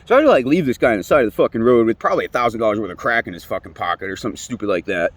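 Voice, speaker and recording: Rambling through a profane, casual rant about his own experiences, a young man keeps repeating himself and breaking off mid-sentence. He talks very fast in an expressive, lowish voice. There's no echo on the recording.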